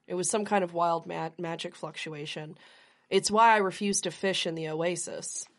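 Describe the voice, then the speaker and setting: A woman's voice: lowish voice, fairly even intonation, normal speed, close to an everyday voice. A woman voicing a flustered scholar from a ruined magic academy, hesitant and earnest, in a tabletop game.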